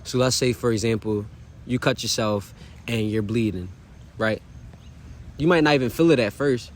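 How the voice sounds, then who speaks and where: A man's voice: mid-range voice, normal speed. A man vlogging in a casual, earnest, motivational way, with loose slang and frequent asides to the viewer. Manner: loose slangy delivery, says "bro" and "you feel me" often; earnest, encouraging. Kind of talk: casual motivational self-talk.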